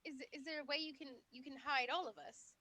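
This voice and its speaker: A woman playing a tabletop game, talking in a lively, joking way. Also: high-pitched, fast, dry recording. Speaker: player.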